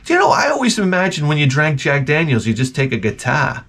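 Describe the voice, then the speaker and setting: Man ranting in a lively, profane ramble. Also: on the high side, fast talker, vocal fry. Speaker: channel host. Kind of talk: casual rambling monologue.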